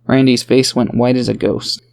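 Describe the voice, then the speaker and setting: A man's voice: medium pitch, fairly even intonation, moderate pace, creaky, darkish tone. A man reading a fantasy audiobook aloud in a plain storytelling voice. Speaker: audiobook narrator. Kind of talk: audiobook narration.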